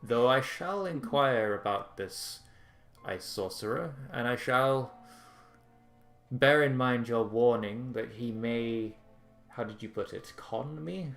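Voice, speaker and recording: A man's voice: medium pitch, gravelly, a bit bright, soft background music. A man playing a stately old Digimon lord. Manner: formal, measured, stately. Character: long-lived formal male Digimon lord, wary employer. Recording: echoey room.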